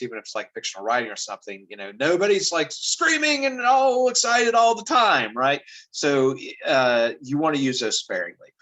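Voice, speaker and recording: A man teaches a class in a relaxed, conversational way, peppering his explanations with fillers and quick "right?" checks. His voice sits at an ordinary middle pitch. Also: rough recording. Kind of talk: casual classroom teaching over a lesson video.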